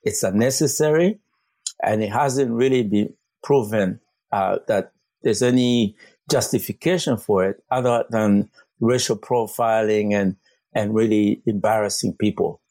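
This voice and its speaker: A man's voice: lowish voice, a little slow, mellow, no room sound. A man working as a community organizer, answering interview questions earnestly with frequent fillers and restarts. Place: Vancouver.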